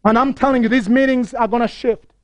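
High-voiced male preacher, impassioned. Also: fairly even intonation, brisk, dry recording. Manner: impassioned storytelling with repeated phrases. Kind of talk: sermon.

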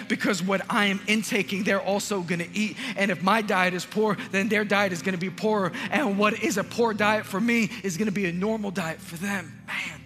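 A male pastor preaching a sermon in a large church, emphatic and repetitive, building up to shouts. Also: high-pitched, fairly even intonation, normal speed, few pauses, big-room sound.

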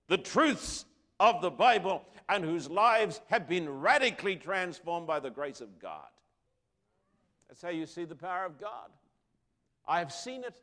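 A middle-aged man preaching a sermon, emphatic, asking rhetorical questions and swinging between loud declarations and quiet lines. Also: high-pitched.

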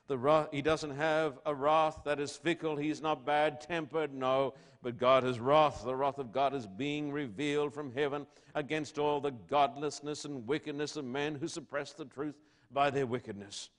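A man preaching a sermon to his congregation, asking rhetorical questions and swinging between loud declarations and hushed lines. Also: on the high side, steady tone, normal speed, few pauses. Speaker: pastor.

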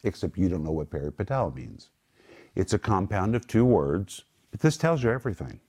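A man leads a Bible teaching in a small group, his voice sitting a little low. He speaks emphatically and breaks each word down one at a time. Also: big pitch swings, moderate pace, a little mellow, husky. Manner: emphatic, explains words one by one.

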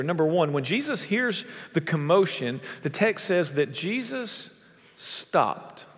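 A man preaching a sermon as a pastor, emphatic, with big swings in pitch and volume. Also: big-room sound.

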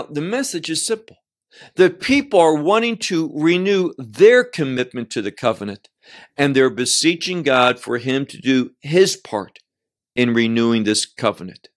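A man teaching through a psalm verse by verse, speaking slowly and deliberately, often repeating a word as he restarts, and lifting his voice when he reads the pleas aloud. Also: medium pitch, lively intonation. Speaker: Bible teacher.

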